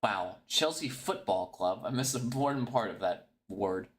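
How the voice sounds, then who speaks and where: A man casually thinking aloud as he ranks logos, blunt, mocking and quick to swear. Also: on the low side. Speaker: streamer ranking football club logos. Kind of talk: casual solo commentary.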